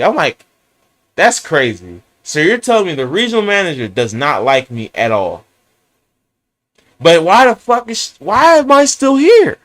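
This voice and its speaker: Ranting Bay Area man, swearing. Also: sits high. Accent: San Francisco Bay Area. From San Francisco. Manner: animated, swearing, rambling rant. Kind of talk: profane venting monologue.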